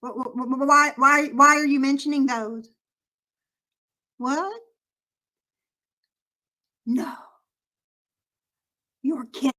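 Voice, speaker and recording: A woman's voice: sits high, slow pace, long pauses, pushed and bright, exaggerated voice. A woman voicing a vain, nervous outsider who is clumsily faking a Southern accent to blend in, stammering over her words. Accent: put-on Southern US. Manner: stammering, nervous, eager to fit in. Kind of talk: comedic role-play.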